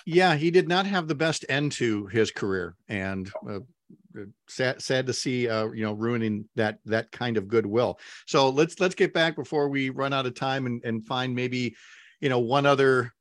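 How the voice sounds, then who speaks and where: A male host interviewing guests, asking halting questions with many restarts. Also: mid-range voice, no echo, studio quality. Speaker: radio host. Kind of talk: conversational interview.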